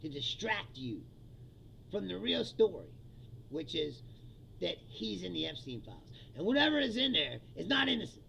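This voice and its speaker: A man's voice: high-pitched, big pitch swings, moderate pace, creaky, pushed and bright, a little hiss or hum, rough recording. A man hosting his own livestream, ranting about politics in a heated, profane, laughing casual style. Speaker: livestream host.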